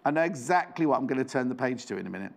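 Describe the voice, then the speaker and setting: Lively, chatty shopping presenter man. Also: medium pitch, very fast, creaky. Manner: chatty, rambling, jokey asides. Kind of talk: live shopping show chat.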